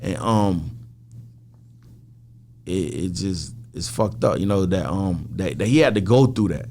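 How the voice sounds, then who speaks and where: A man's voice: sits low, unhurried, slight background noise. A middle-aged man as a podcast guest, telling a story in casual talk and acting out what others said, with plenty of swearing. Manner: animated retelling, acts out quoted dialogue, heavy swearing.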